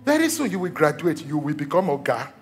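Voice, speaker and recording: A man's voice: fairly high pitch, quick pace, faint music behind. A young Nigerian man, a pastor, telling a story in a sermon, joking with the congregation as he goes. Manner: animated storytelling, jokes with the congregation.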